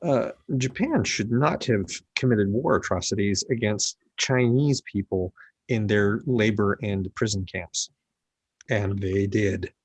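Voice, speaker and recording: A blunt man with a lowish voice states his opinions flatly in a casual podcast chat. The sound is close and dry. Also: takes it slowly, husky, dry recording. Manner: blunt, emphatic, matter-of-fact.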